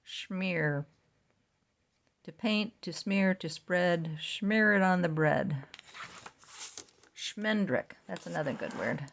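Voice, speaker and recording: A woman's voice: on the low side, lively intonation, slow, gravelly, pauses often, lo-fi sound. A woman hosting a podcast, reading entries aloud from a book and adding casual side remarks of her own. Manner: reads entries, then adds chatty side remarks.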